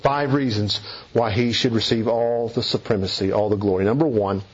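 A man's voice: fairly low pitch, steady tone, moderate pace, slightly rough, lo-fi sound. A man preaching an expository sermon, emphatic and repeating key phrases for weight.

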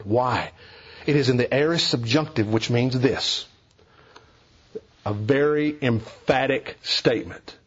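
Husky man preaching a sermon. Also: medium pitch, lo-fi sound. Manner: emphatic, rising to forceful preaching.

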